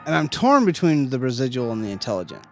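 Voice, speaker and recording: Lively, laughing male podcast co-host. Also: mid-range voice, fast, soft background music. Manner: animated, laughs often, reads notes aloud. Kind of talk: casual chat over drinks.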